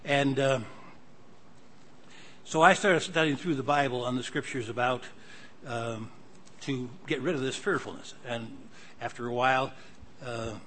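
A man's voice: medium pitch, fairly bright tone, a little hiss or hum. An older man preaching a sermon, teaching in a conversational way and reading scripture aloud with growing emphasis.

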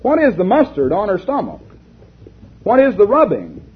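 A man's voice: high voice, wildly swooping pitch, moderate pace, husky, exaggerated voice. A man reading aloud as a worried father of a sick daughter, asking pleading questions. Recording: lo-fi tinny recording.

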